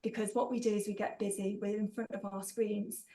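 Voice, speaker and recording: A woman's voice: mid-range voice, flat delivery, fairly quick, warm tone, low-quality recording. A woman running a live online training session, upbeat and encouraging, calling out participants by name over a video call. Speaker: workshop trainer.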